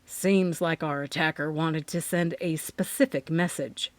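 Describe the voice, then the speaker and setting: A woman reading an audiobook, voicing a gruff male police chief who talks down to people. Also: low-pitched, steady tone, measured pace, no echo, pitched below the performer's own voice. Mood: grave.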